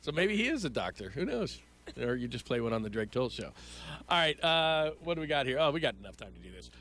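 A man hosting casual sports talk, opinionated and animated, sometimes stammering when worked up. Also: mid-range voice, fast talker. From Los Angeles. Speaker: host.

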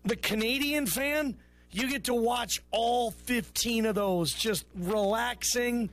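High-voiced chummy sports radio host, man. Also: slow, a bit bright. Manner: loose, chummy, calls callers bro and brother. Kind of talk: casual call-in radio talk.

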